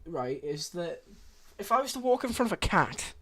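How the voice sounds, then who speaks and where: A woman's voice: fairly low pitch, very animated, normal speed, crowd noise. A woman voicing a young Irish master thief who stammers and presses with questions. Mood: pressing. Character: 28-year-old Irish master thief, laying low.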